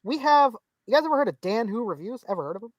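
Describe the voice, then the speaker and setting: A woman co-hosts a casual live-stream podcast and reads viewer comments aloud, chatty and full of restarts. Her pitch swings widely up and down. The sound is dry and close. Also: fast talker, dry recording, highs cut off. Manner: chatty, many restarts, animated reading of comments. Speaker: podcast co-host reading chat.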